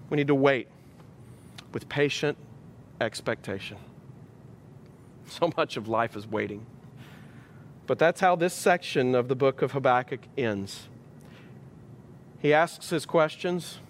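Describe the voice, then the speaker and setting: A man's voice: mid-range voice, slight background noise. A male pastor preaching a sermon in an emphatic style, building his points through rhetorical repetition.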